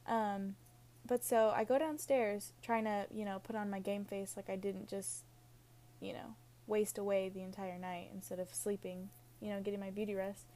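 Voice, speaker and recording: A woman's voice: medium pitch, little pitch movement, normal speed, warm tone, slight background noise. Young woman, chatty podcast host, Valley-girl delivery, filler-heavy, laughs at herself, mid-range voice. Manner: Valley-girl-like, says "like" and "literally" constantly; laughs at her own jokes. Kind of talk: casual rambling podcast monologue.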